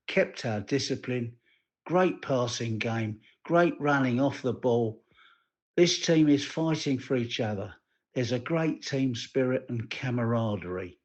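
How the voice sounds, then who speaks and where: Upbeat fan on a dull voicemail. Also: male voice, medium pitch, a little mellow. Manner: upbeat, clipped listing. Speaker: voicemail contributor. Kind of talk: recorded voicemail.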